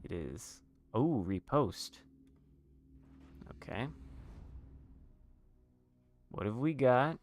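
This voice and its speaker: A man's voice: medium pitch, very animated, drawn-out words, long pauses. A man giving casual commentary over a video game, chatting and muttering asides to himself as he plays. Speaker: gaming video host.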